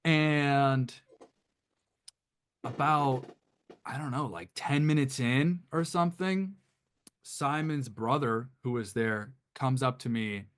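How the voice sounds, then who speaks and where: A man from Detroit, a band guest on a podcast, telling an anecdote casually in a rambling, animated way with lots of restarts. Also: mid-range voice, takes it slowly, long pauses. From Detroit, USA.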